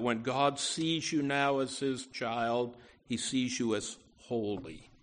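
A man preaching a sermon from the pulpit, earnest and deliberate, often saying "you know" and restarting phrases. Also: medium pitch, a bit bright. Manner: slow, deliberate delivery with emphatic rises. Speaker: pastor.

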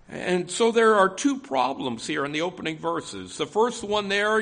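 A man's voice: high-pitched, creaky, a bit bright. A man preaching an expository sermon. He talks conversationally, often saying "you know" and restarting phrases. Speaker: pastor.

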